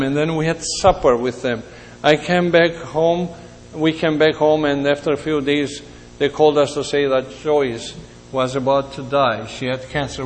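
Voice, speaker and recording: Slow, emotional pastor in a reverberant hall. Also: male voice, fairly high pitch. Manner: slow, emotional storytelling with pauses. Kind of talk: sermon. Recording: long hall reverb, faint hum.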